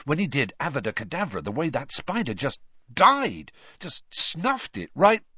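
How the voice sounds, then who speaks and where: Man reading as an excitable teen boy, casual, blunt, lifted pitch. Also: normal speed, slightly rough, dry recording, exaggerated voice. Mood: excited. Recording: dull dry recording.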